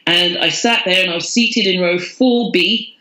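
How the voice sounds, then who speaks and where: A woman's voice: on the low side, normal speed, sharp tone, reverberant, low-quality recording. A woman, a podcast guest telling her story candidly and with self-mockery. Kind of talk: casual storytelling.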